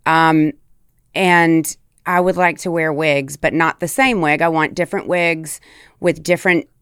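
A woman's voice: sits low, steady tone, unhurried, fairly bright tone, smooth, dry recording, clean studio sound. A woman from the American South, an actress chatting candidly on a podcast, casual and given to swearing. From Tennessee, US South. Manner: chatty and candid, swears freely, demonstrates accents. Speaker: actress guest.

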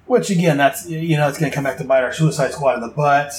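A man's voice: on the high side, fast talker, poor audio. A man hosting a casual comic book podcast, recapping pages in a rambling way full of asides.

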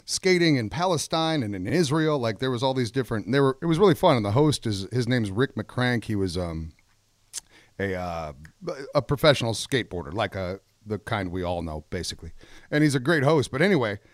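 A man's voice: mid-range voice, expressive, a little fast, no echo. Guy rambling on in a podcast chat, dry close sound, laughs a lot. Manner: rambling, laughs often, trails off. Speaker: podcast co-host. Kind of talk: casual chat.

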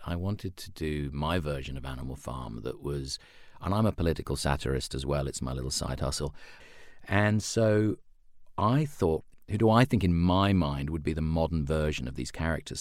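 Deep-voiced man, dry close sound. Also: expressive, normal speed, darkish tone, dry recording. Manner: chatty and self-deprecating, with frequent restarts. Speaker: audiobook narrator and voice actor. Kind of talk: conversational interview answers. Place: lives in Australia.

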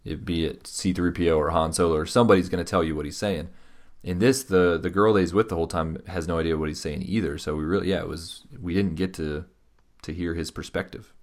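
A man's voice: low-pitched, fairly even intonation, quick pace. A man co-hosting a casual podcast about comics, rambling with many fillers and restarts. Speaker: podcast co-host. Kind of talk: casual comic book review chat.

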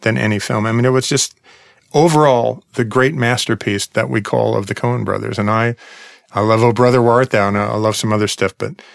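A man's voice: medium pitch, fairly even intonation, a little fast, vocal fry, no echo, clean studio sound. Enthusiastic man co-hosting a film chat. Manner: enthusiastic, lists films and actors. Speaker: co-host. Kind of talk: casual chat about film.

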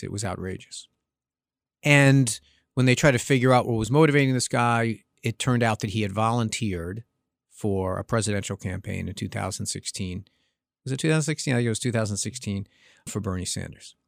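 A man's voice: fairly low pitch, dry recording, clean studio sound. A man hosting an opinion podcast, a former congressman, speaking emphatically and asking rhetorical questions. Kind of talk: opinion commentary.

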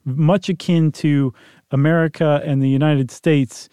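A man's voice: on the high side, steady tone, measured pace, dark tone, clear, resonant tone, no room sound, clean studio sound. A man co-hosting a podcast, chatting casually and explaining things in a playful, wry way. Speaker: podcast co-host. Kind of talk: casual chat.

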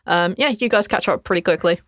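A woman's voice: on the low side, brisk, fairly bright tone, dry recording, clean studio sound. Casual woman narrating as game master. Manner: descriptive, casual, many fillers.

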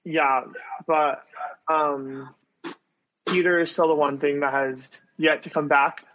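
A young man tells a long story casually on a video call, leaning on "like" and restarting his sentences. His voice sits a little high for a man. The sound is dull and lo-fi. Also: steady tone, takes it slowly, fairly bright tone. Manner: rambling, heavy "like" fillers.

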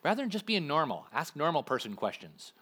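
A man preaching a sermon in a conversational, animated way, acting out little asides to the congregation. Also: fairly high pitch, a little fast, slightly rough. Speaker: pastor.

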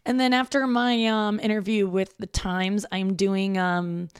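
Unhurried and level, her medium-pitched voice sounds clean, with clean studio sound and no room sound. She's a thirtysomething stand-up from St. Louis doing a loose solo podcast monologue at her parents' home, self-deprecating and swearing freely.

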